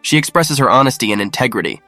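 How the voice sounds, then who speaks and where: Male narrator, mid-pitched, even matter-of-fact read, dry close sound. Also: quick pace, no room sound, soft background music. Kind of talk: scripted narration.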